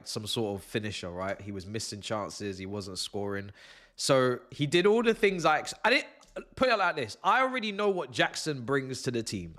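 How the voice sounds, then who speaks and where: A man hosting a live football watch-along, theatrical and exasperated, swearing freely and lurching from low muttering to shouted outbursts and laughter. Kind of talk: live fan reaction stream.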